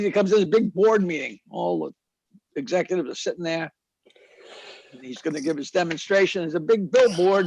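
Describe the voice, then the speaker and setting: Man, comedian, high voice, husky, dry close sound, jokes with character voices. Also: dry recording. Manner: tells jokes in quick voices, laughs at own punchlines. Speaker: stand-up comedian. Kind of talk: joke telling.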